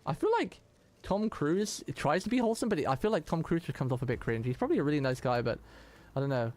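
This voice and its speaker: A man's voice: a little high, fast talker, a little mellow, slight background noise. Chatty male streamer rambling over gameplay. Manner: rambling, chatty, jokey asides. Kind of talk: casual gameplay commentary.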